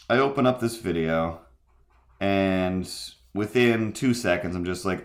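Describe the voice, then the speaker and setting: Speaking in a low, somewhat slow voice, a man from the Cape Breton area of Canada draws on a live stream. He chats casually, wanders from topic to topic, and is self-deprecating.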